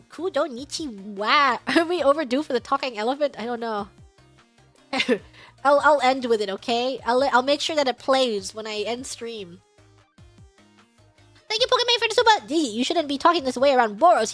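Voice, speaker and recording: A woman streamer reading out superchats in casual chat, playful, with bursts of high laughter and stumbling over foreign words. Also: fairly bright tone.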